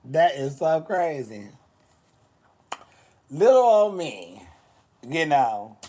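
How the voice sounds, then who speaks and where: A man's voice: a little high, very animated, very slow, mellow. A man chatting casually on a livestream, sassy and blunt, swearing a lot as he answers comments.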